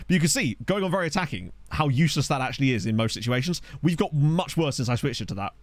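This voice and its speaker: A young man giving chatty, excitable live commentary on a football management game while streaming and answering his chat. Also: medium pitch, fast, few pauses, no room sound. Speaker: gaming streamer. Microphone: desk USB microphone.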